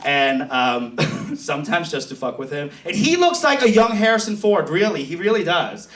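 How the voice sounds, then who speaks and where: Animated gay comedian on a club stage. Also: male voice, normal speed. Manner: animated, swings into high squeals and low mock voices. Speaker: stand-up comedian. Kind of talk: stand-up comedy set. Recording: echoey club, mic at a distance, crowd noise. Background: laughing crowd.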